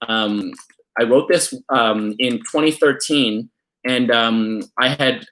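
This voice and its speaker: A man's voice: medium pitch, slow. Rambling young man telling a family story. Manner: rambling, filler-heavy, animated when quoting people. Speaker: vlogger. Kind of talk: casual storytelling.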